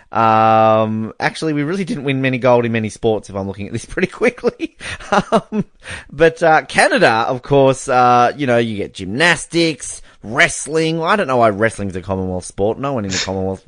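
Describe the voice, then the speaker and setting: A man's voice: medium pitch, no room sound, studio quality. A man hosting a casual sports podcast, talking with lots of fillers and frequent laughter. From Australia. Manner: chatty, laughs often, many fillers. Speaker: podcast host.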